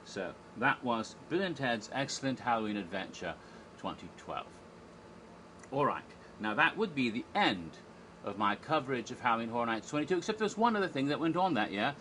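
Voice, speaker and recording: A man's voice: medium pitch, very animated, brisk, sharp tone, slight background noise. A man casually retelling a live show from memory, rambling and enthusiastic, with frequent fillers and restarts. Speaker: theme park event historian. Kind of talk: casual narrated recap.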